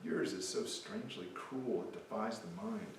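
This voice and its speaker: A man's voice: lowish voice, normal speed, recorded from a distance, a little hiss or hum, lightly acted. A man reading as an exasperated Aussie scold. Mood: mocking. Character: blunt exasperated Australian man scolding Americans. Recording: echoey hall, mic from afar.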